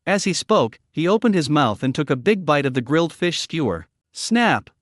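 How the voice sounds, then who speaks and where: A man narrating a comic story recap in scripted, animated storytelling. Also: on the high side, moderate pace, no room sound, studio quality.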